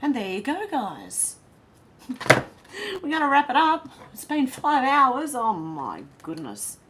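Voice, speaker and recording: A woman's voice: high voice, sing-song, takes it slowly, noisy background. An Australian woman hosting a livestream, chatting casually, laughing and reading out comments from her viewers. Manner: chatty, laughing, reads chat comments aloud. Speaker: livestream host.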